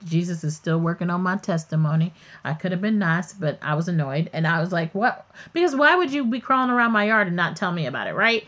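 Woman podcast host, casual storytelling, candid and chatty, pitch swings widely, wanders off on tangents. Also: expressive, fast, a bit bright.

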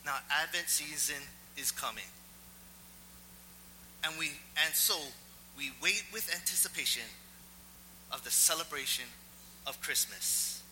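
Bright-voiced storytelling pastor in a hall. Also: male voice, a little high, unhurried, pauses often, slight background noise. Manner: animated storyteller, self-mocking. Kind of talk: sermon with personal story.

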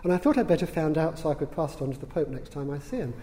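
Man, lecturer, dry wit, mellow warm tone, long hall reverb. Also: a little high, sing-song. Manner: dry, witty, unhurried, with fillers. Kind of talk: public lecture. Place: large hall.

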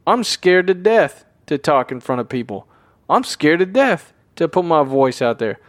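Talking alone and unscripted on his podcast, a man with a fairly high voice rambles, pokes fun at himself, and speaks with emphasis. The recording is dry.

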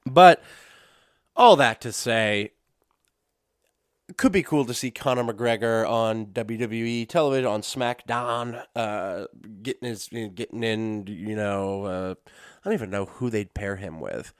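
A man's voice: fairly low pitch, a little slow, clear, resonant tone, no room sound, studio quality. A man hosting a casual solo podcast, rambling and correcting himself, with lots of fillers and some swearing. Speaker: podcast host. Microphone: dusty podcast microphones.

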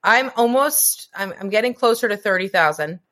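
Her voice is medium in pitch, expressive and fairly bright, moving at a moderate pace. She's a podcast co-host in casual, earnest conversation about motherhood who swears lightly from time to time.

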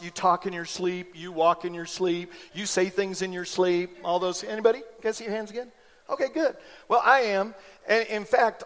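A man in his forties preaching a sermon in church, an animated storyteller who acts out the voices in his anecdotes. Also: high voice, big-room sound. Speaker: pastor. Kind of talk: sermon with personal stories. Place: church sanctuary.

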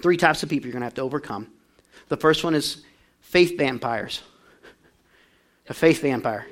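A man pastor preaching a sermon, calling on the congregation to answer back and swinging from quiet talk to loud shouting. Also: medium pitch, moderate pace.

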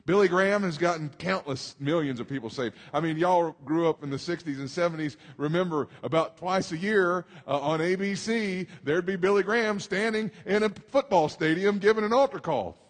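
A man, preaching a sermon emphatically, dropping low and rising loud. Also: normal speed, hardly any pauses. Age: 40s. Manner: emphatic preacher, swings between hushed and loud. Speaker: pastor. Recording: long hall reverb.

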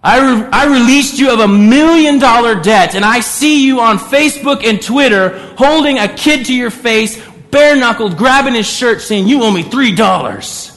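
A man's voice: very high voice, expressive, very slow, hardly any pauses, pushed and bright, long reverb tail, soft background music, pitched above the performer's own voice, exaggerated voice. A man voicing a stern wealthy male money collector who scolds a debtor in indignant outrage. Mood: outraged.

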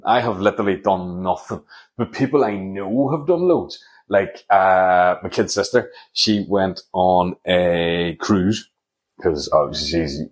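A middle-aged man, hosting a solo comedy podcast in a rambling, sweary, sarcastic monologue. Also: low-pitched.

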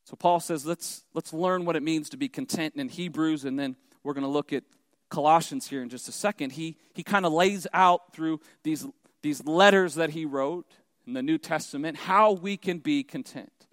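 A man's voice: fairly high pitch, normal speed, no echo, big-room sound. A man preaching a sermon as pastor, emphatic and repeating key phrases for effect.

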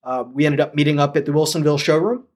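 A man from St. Louis telling his story as a podcast guest, animated and acting out the lines of people he quotes. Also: on the high side, quick pace. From St. Louis, USA. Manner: animated, acts out quoted dialogue. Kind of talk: casual storytelling.

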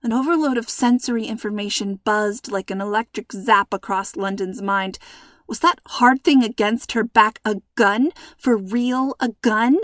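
Woman, storybook narrator, measured suspenseful reading, middle pitch, dry close sound. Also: dry recording.

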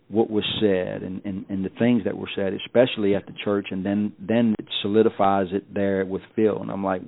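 Gravelly low man on a tinny line. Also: flat delivery. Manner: folksy, repeats words, halting restarts. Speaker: podcast guest. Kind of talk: personal storytelling. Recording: dry, phone-like tinny sound.

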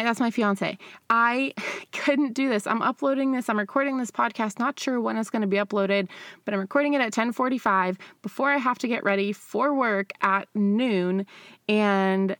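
A woman's voice: on the high side, moderate pace, a bit bright, dry recording, studio quality. A young woman hosting her own podcast, talking candidly and casually with frequent laughs and fillers. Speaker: podcast host. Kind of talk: casual solo podcast monologue.

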